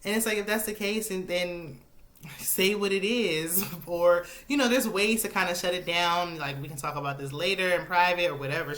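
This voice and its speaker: A woman's voice: fairly low pitch, fairly bright tone. A woman giving a casual, opinionated recap of a reality TV episode, talking freely and laughing often. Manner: chatty and opinionated, laughs often, frequent "like" fillers.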